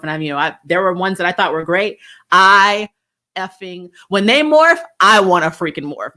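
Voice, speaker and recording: A young adult woman giving a casual review, animated and laughing often as she mimics voices. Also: mid-range voice. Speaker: show reviewer.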